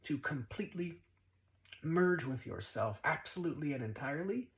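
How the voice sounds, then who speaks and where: A man's voice: fairly high pitch, expressive, normal speed, rough recording. A man giving a spiritual monologue as a teacher, blunt and profane, mocking his listeners and repeating short commands.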